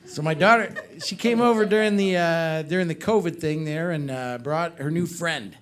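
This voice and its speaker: A man's voice: fairly high pitch, normal speed. A middle-aged man doing a stand-up comedy set on a club stage, telling stories and joking with the crowd. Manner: animated storytelling with crowd work.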